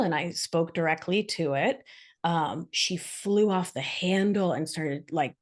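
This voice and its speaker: A woman guest in an interview, talking expressively about her practice and telling animated stories. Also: fairly low pitch, unhurried. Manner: expressive, animated storytelling with acted quotes. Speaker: guest, somatic practitioner and author. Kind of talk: casual interview chat.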